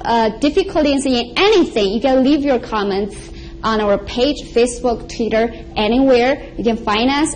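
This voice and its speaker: A high-pitched woman teaches a beginner's language lesson at an unhurried, deliberate pace. She repeats each syllable several times so learners can copy her. Faint ambient noise sits under her voice. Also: darkish tone, rough recording. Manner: repeats each sound slowly and clearly for practice. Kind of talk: slow, patient language lesson. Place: TV studio.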